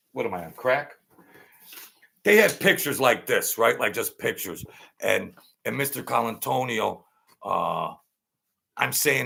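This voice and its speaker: A man's voice: mid-range voice, gravelly, bright, forceful tone, breathy edge. An older man, telling a rambling story in street slang and often repeating himself. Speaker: channel host. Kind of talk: casual storytelling.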